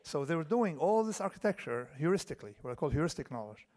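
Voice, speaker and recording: A man in his fifties gives a keynote lecture in a large conference hall, where the recording carries a long hall reverb. His fairly high voice is sing-song and darkish in tone, and he talks at a quick pace. He digresses, restarts often, and keeps checking in with the audience by asking "okay?"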